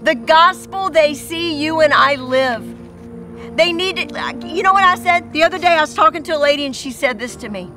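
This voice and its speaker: A woman's voice: sits high, expressive, normal speed, bright, forceful tone, faint music behind. A woman pastor preaching a sermon to mothers, earnest and repetitive as she tells stories.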